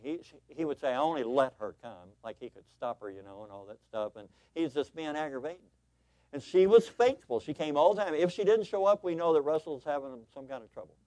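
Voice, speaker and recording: A man preaching a sermon as pastor, telling a story with animated voices before turning earnest and exhorting his congregation. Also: a little high, fairly quick, no room sound.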